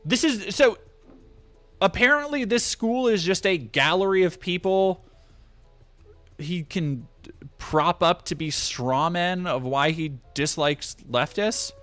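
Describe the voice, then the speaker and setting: A man's voice: sits high, slow, fairly bright tone, faint music behind. A man streaming a game and commenting in a sarcastic, ranting, profane tone.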